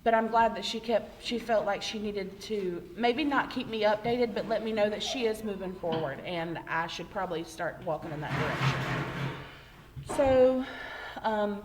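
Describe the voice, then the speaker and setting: A young woman telling a personal faith story to camera in a casual, rambling way, often correcting herself and pausing on "um.". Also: mid-range voice, a little hiss or hum, rough recording. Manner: rambling, self-correcting, frequent "um". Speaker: vlogger sharing a personal testimony.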